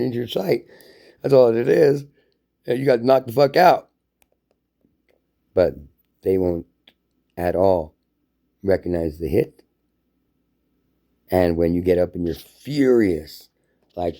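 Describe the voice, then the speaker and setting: A man's voice: mid-range voice, gravelly, mellow. A man giving a heated, profane monologue rant to camera as a vlogger, telling it like a story.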